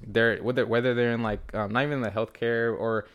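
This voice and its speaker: A young man talking casually as a podcast guest, laid-back and rambling. He drifts through fillers and restarts, and his voice sits at an ordinary middle pitch. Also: steady tone, brisk, lo-fi sound. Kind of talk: casual chat.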